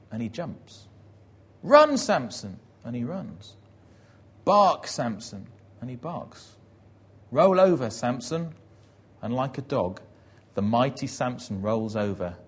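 Husky-voiced man preaching a story. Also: mid-range voice. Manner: vivid retelling, acting out crowd shouts and prayers. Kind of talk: dramatic sermon storytelling.

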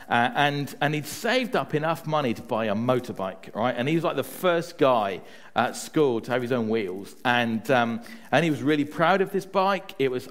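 Lively, chatty male preacher. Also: mid-range voice. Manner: chatty, often adds "right?" to check in with listeners; tells personal stories to make a point. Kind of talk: conversational sermon.

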